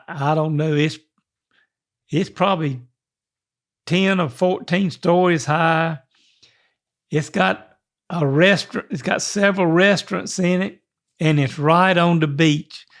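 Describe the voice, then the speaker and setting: An older man with a fairly high, gravelly voice. He co-hosts a casual podcast, rambling in a folksy way and restarting his sentences often. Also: fairly bright tone. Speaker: podcast co-host.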